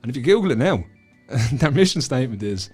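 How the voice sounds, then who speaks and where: Fast-talking Dublin man telling a story. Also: medium pitch, big pitch swings, a little mellow, slightly rough, faint music behind. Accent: Dublin Irish. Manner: swears freely, acts out the voices in his stories. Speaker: guest author. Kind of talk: animated storytelling.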